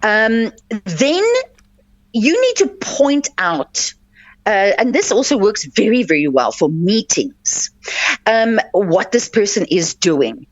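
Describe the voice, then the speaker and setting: A woman's voice: mid-range voice, very animated, slow, dry recording. A woman life coach hosting a radio advice show, talking earnestly and instructively with many fillers and restarts. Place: radio studio. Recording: dull lo-fi, dry radio audio.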